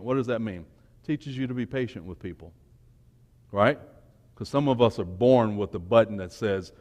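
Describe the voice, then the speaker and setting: A man giving an informal, emotional sermon to young people, swinging between quiet and loud. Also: medium pitch, animated, normal speed. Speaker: speaker at a church youth talk. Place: church hall. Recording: long church hall reverb.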